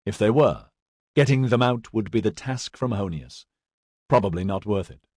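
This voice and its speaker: Low-voiced male audiobook narrator. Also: animated, normal speed, darkish tone, no room sound, studio quality. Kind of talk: scripted narration.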